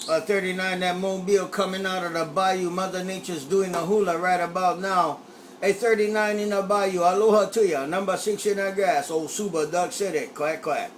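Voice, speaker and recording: A man's voice: sits high, fairly even intonation, normal speed. A man chatting playfully on CB radio, tossing in a quacking catchphrase. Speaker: CB radio operator. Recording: CB radio with light static.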